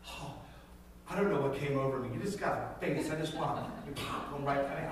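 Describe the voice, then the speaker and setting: A man preaching a sermon in a conversational, animated way, telling stories and acting out scenes in different voices. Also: a little high, quick pace. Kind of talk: sermon with storytelling. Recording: very echoey hall, distant mic, faint noise.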